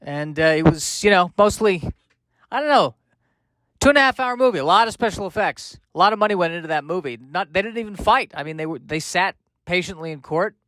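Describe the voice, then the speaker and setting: A man's voice: high voice, animated, fairly quick, a bit bright, no room sound. A man hosting a podcast, rambling through comic, self-mocking asides in a casual monologue. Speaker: podcast host.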